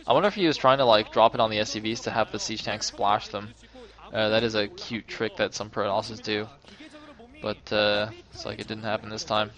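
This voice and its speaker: A man's voice: fairly low pitch, fairly quick, highs cut off. Chatty man casting a game. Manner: chatty and self-correcting, grows loud and excited in tense moments. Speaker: esports caster. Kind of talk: casual play-by-play game commentary.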